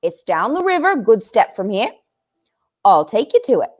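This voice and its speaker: A woman's voice: on the high side, very animated, normal speed, pitched above the performer's own voice. A woman voicing an earnest, kindly male talking beaver in a storybook, with a folksy drawl that creeps into his speech. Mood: emphatic.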